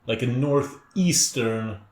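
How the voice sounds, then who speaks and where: A man co-hosting a podcast in casual chat, wry and quick with short interjections. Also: medium pitch, reverberant. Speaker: podcast co-host.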